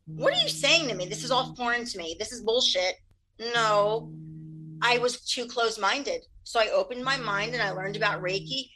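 A woman Reiki practitioner giving candid interview answers, talking fast and animated and laughing often. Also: a little high, low-quality recording.

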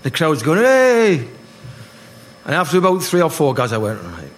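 Lively man telling stories. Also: mid-range voice, fast talker. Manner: animated anecdotes, acting out voices, laughing. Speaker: guest, former footballer. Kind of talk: live storytelling on stage. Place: live party event. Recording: noisy live room.

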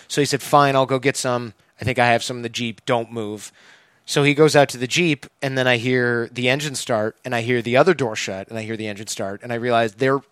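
A man's voice: mid-range voice, fairly bright tone, clean tone, no echo. A man from Michigan telling a story in a casual podcast chat, acting out the voices of the people he quotes.

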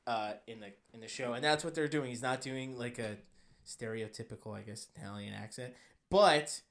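Man, podcast co-host, casual chat, animated, jokey, average pitch. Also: normal speed. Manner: animated, jokey, does silly voices.

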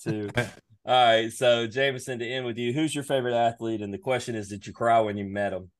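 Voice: medium pitch, steady tone, brisk. A co-host on a casual podcast, teasing the others and asking upbeat questions.

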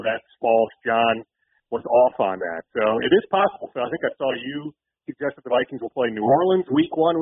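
A husky-voiced man chats quickly about sports news as a call-in guest. He comes through a dry, tinny phone line. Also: mid-range voice, dry recording. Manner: quick, newsy and chatty. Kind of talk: phone-in sports radio chat.

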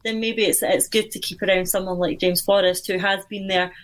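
A woman's voice: medium pitch, fairly even intonation, a little fast. A woman on a football podcast panel, weighing her views thoughtfully and often saying "you know". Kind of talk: casual discussion.

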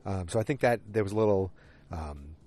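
A man with a lowish voice talks off the cuff outdoors on a windy evening. He rambles and riffs through a recap, jumping into the characters' lines as he goes. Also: lively intonation, brisk, darkish tone. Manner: chatty, riffing, acts out characters' lines. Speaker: vlogger recapping a TV episode.

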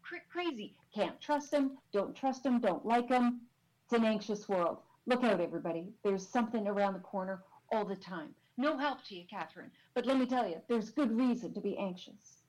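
A woman's voice: medium pitch, normal speed, a little mellow, rough recording. A woman in casual chat, rambling with comic anxiety.

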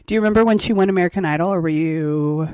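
A woman's voice: on the low side, very fast, a little mellow, dry recording. A young woman co-hosting a podcast, teasing her friend in a laid-back way and repeating short replies. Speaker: podcast co-host. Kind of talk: casual chat.

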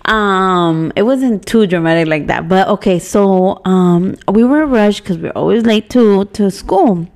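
A woman in her thirties, co-hosting a casual podcast, tells a story with animated energy, slips into Spanish and laughs and swears often. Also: medium pitch, unhurried, few pauses. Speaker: podcast co-host. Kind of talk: casual chat.

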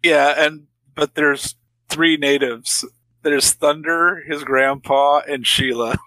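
A wry man on a podcast who laughs easily and keeps tossing in jokey asides. His voice is bright and forward, recorded close and dry with no room sound. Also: on the high side, fairly even intonation, takes it slowly, no room sound, rough recording. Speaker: podcast co-host. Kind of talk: casual movie-recap chat.

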